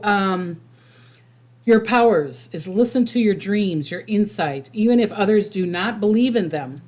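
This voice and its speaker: Rambling woman psychic host. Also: mid-range voice. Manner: rambling, many restarts and fillers, reads viewer comments aloud. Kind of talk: casual livestream chat.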